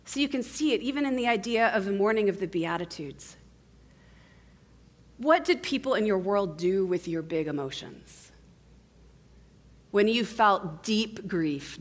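Earnest woman preaching, gently conversational. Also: on the low side. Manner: intimate, asks the congregation many questions; tags points with a quick "right?". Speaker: guest preacher. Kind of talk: conversational sermon.

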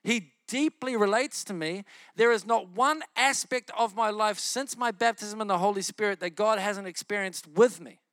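High, bright fervent male preacher. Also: moderate pace, few pauses, dry recording. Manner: fervent, emphatic, repetitive. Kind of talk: sermon.

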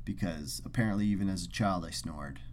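A man's voice: low-pitched, a little fast, a little hiss or hum. Joking rambling podcast man. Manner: joking, rambling storyteller, swears. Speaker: podcast co-host. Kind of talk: casual podcast chat.

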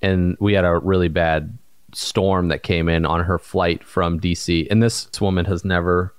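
A man's voice: low voice, steady tone, unhurried, clear, resonant tone, dry recording, studio quality. A man co-hosting a podcast, chatting casually in an easygoing, joking way. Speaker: podcast co-host. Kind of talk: casual chat.

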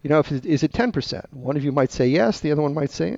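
Gravelly man explaining on a podcast. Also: fairly high pitch, expressive, very fast, hardly any pauses, darkish tone, dry recording. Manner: emphatic, teacherly, acts out sample dialogue. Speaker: guest, research firm executive. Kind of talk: explaining sales method on a podcast. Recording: dull lo-fi dry sound.

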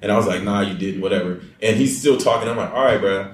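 Animated young man telling a story. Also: lowish voice, fast talker. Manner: animated, acts out quotes, laughs often. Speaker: reality show contestant telling a story. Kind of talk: casual storytelling chat. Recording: echoey room, far from mic, faint noise.

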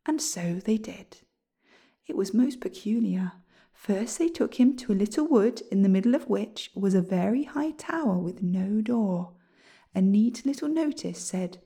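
A woman reading a children's storybook aloud in a lively, expressive way. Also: mid-range voice, unhurried, gravelly, slightly rough.

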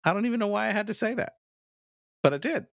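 A man's voice: high voice, fast talker, creaky, dry recording, clean studio sound. A man co-hosting a podcast, telling self-mocking stories in casual banter. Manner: self-mocking, animated storyteller. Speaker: podcast co-host.

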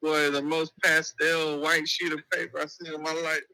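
A man in casual podcast chat with a high voice and a very bright, sharp tone. He jokes in laid-back banter. The sound is dry and close. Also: monotone, normal speed, no room sound, low-quality recording. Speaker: podcast co-host.

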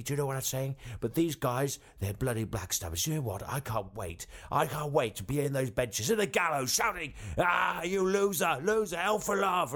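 A man puts on a bumbling prime minister who blusters down the phone, stumbling over his words and padding every thought with fillers. His pitch sits mid-range, and he pushes it well up whenever he gets flustered. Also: fairly bright tone. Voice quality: bumbling, rambling, full of filler. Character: blustering disgraced male prime minister, middle-aged. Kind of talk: comedy sketch phone call.

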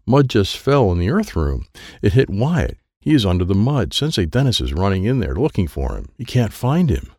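A man's voice: fairly low pitch, very animated, moderate pace, warm tone, dry recording, studio quality. A man reading a children's book aloud in first person, in plain short sentences. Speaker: audiobook narrator.

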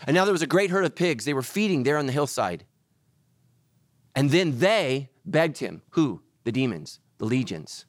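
A man preaching a sermon as pastor, animated, swinging between loud emphatic lines and hushed ones. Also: mid-range voice, brisk, no room sound.

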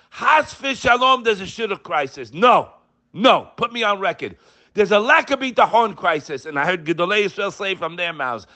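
An older man preaching with fervor, his fairly high voice swooping up and down as he presses his point. He leans on rhetorical questions and hammers key lines with emphasis. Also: sharp tone. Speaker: religious teacher. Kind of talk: sermon.

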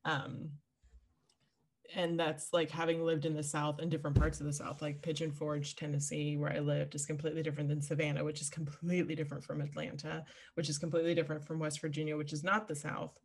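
A woman co-hosting a podcast in casual chat, talkative and animated, with quick asides. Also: low-pitched, creaky. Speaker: podcast co-host.

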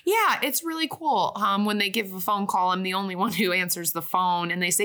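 A young woman co-hosting a casual chat show, reading out a list slowly and laughing often. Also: mid-range voice, pushed and bright. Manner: giggly, reads a list slowly with frequent laughs. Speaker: podcast co-host. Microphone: webcam with whiteboard behind.

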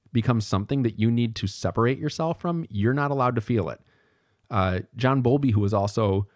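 A man's voice: on the low side, a little mellow, dry recording, clean studio sound. A man giving a podcast lecture in a casual, thinking-aloud way, correcting himself as he goes.

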